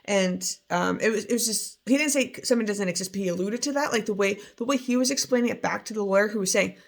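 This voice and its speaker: A woman's voice: mid-range voice, quick pace. A woman chatting casually as she recaps a trial, rambling with many fillers and restarts. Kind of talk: casual chat.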